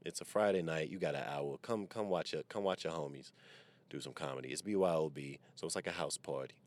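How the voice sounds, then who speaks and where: A man's voice: very deep voice, fairly quick. A comedian, rambling through a profane, wisecracking monologue into a microphone while sitting in his car. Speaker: comedian and podcast host. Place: parked car.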